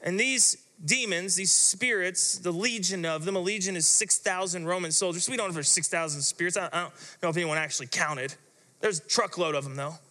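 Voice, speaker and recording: Man, pastor, higher voice, dramatic storytelling sermon, long hall reverb. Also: brisk, sharp tone.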